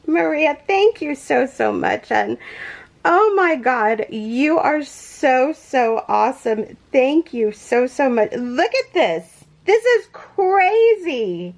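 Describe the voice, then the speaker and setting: A woman's voice: high-pitched, vocal fry. A woman hosting a crochet vlog from her home yarn room, gushing with thanks and close to tears as she opens packages. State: near tears. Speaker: crochet channel host. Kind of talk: casual unboxing vlog.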